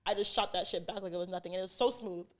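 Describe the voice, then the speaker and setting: A woman co-hosting a podcast, telling a story in casual chat, animated and swearing, acting out what others said. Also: mid-range voice, very fast. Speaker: podcast co-host.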